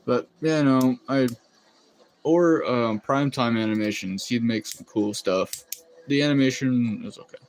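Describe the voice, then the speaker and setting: A man's voice: medium pitch, a little slow, darkish tone. A man chatting casually on a live stream, rambling and laughing often as he reacts to chat. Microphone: phone.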